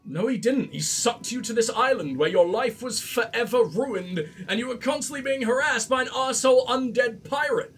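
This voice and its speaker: A man commentates on a game in a high, very animated voice, with faint game music underneath. He is sarcastic and sweary, and his excitable delivery swings wildly up and down. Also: normal speed, few pauses, breathy edge. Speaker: let's play host. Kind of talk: gameplay commentary.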